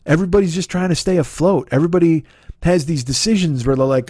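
A man in his forties rants his way through a comedic podcast monologue, swearing freely and slipping into mocking voices. His voice sits high for a man. The sound is dry and close, with almost no room in it. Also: quick pace, husky, no echo. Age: 40s. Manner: profane, animated, mocking voices in quotes. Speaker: podcast host.

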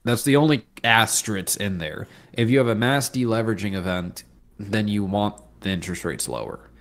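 Low-voiced, laid-back male co-host. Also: animated, normal speed, fairly bright tone. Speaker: podcast co-host. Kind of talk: casual finance podcast chat.

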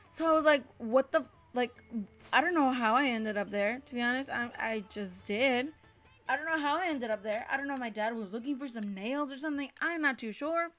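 A woman's voice: high voice, pushed and bright. A young woman telling a casual story from her childhood, rambling with lots of fillers and frequent swearing. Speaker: storytime vlogger.

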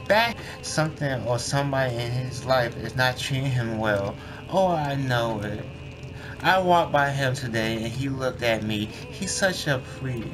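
A man casually commenting on his gameplay as a streamer, slangy and quick to react out loud. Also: mid-range voice, animated. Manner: slangy, reacts loudly to the game. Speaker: gaming streamer. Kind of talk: casual let's-play commentary. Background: game music.

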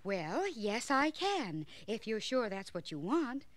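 A woman's voice: fairly high pitch, very animated, slow pace, over music. A woman voicing a kind, patient fairy godmother who chants her spells in a sing-song way, on a vintage children's storybook record. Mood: gentle.

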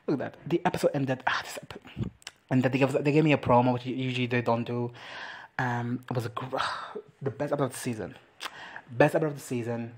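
Chatty, profane reaction vlogger with a husky voice. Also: mid-range voice, steady tone, fast. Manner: chatty, profane, laughs often. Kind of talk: casual comedic recap.

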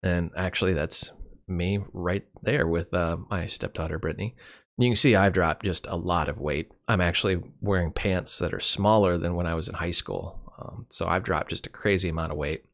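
A middle-aged man with a very low voice talks through his year in a loose, wry, rambling way, peppered with fillers. He sounds winded and worn out, pausing as if short of breath. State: winded, tired. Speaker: channel host. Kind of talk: casual personal year-in-review.

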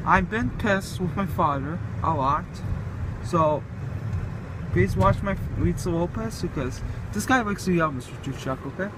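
A man's voice: high voice, measured pace, noisy background. A man ranting angrily into his phone camera for a vlog, taunting and swearing. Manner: angry, taunting, profane. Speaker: vlogger.

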